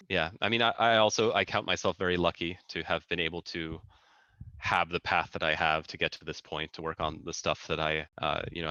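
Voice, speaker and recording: A man in his thirties talks casually as an interview guest. His voice is low but bright in tone. He circles his points with fillers and restarts. The sound is dry and a little dull, as over a video call. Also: smooth, no echo. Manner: chatty, many restarts and fillers. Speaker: guest engineer. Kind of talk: casual conversation.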